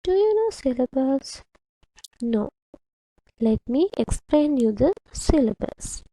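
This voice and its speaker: A woman's voice: high-pitched, big pitch swings, takes it slowly, dark tone, no echo, low-quality recording. A woman teaching a primary English lesson, patiently explaining to children and repeating words syllable by syllable. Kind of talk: slow, deliberate classroom instruction to children.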